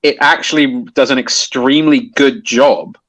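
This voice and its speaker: A man's voice: medium pitch, moderate pace, a bit bright, no echo, low-quality recording. A man explaining a topic in casual conversation, hesitant with many restarts and fillers. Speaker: guest explaining poetry.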